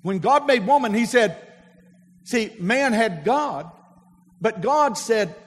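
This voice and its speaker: A man preaches a sermon from the pulpit. His voice sits high, and he draws the congregation into call-and-response. His words carry with a long, lingering reverb through the church. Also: expressive, slow, long pauses. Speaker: pastor. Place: church sanctuary.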